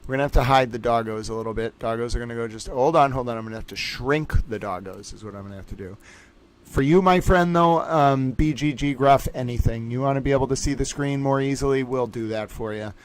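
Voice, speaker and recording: A man hosting a casual livestream trivia game, excitable and playful, swinging his voice up and down as he chats. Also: fast. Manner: excitable and playful, jumps between pitches.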